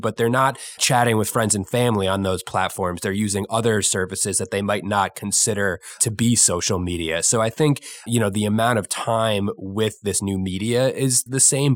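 Brief: male panelist, lowish voice, slow deliberate analysis, dry recording. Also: no room sound. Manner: deliberate, pausing, reflective. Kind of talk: analytical discussion.

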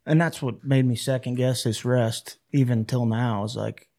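A man co-hosting a casual hunting chat, telling stories in an animated, self-deprecating way. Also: mid-range voice, normal speed, creaky.

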